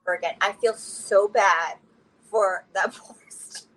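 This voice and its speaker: A woman's voice: medium pitch, a little slow, a bit bright, poor audio. A woman telling her personal story candidly as an interview guest, often laughing through difficult memories.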